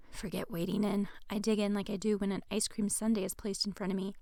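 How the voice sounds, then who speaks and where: Author reading her own book: a woman, wry first-person delivery, gravelly, dry studio sound. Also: mid-range voice, fairly even intonation, fairly quick, few pauses, dry recording. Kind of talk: audiobook narration.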